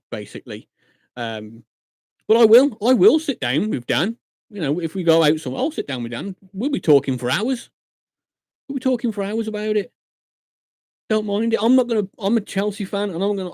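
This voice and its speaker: A man's voice: on the high side, a little mellow, no room sound, studio quality. A man chatting casually on a live stream from his room at night, telling stories with acted-out quotes. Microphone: desk mic at a computer monitor.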